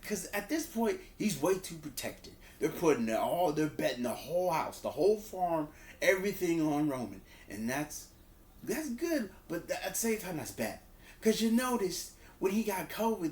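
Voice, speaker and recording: A man giving a casual spoken review of a wrestling show. He talks loosely, repeats words and restarts, and acts out quotes in a higher voice. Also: sing-song, normal speed, darkish tone. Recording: roomy echo.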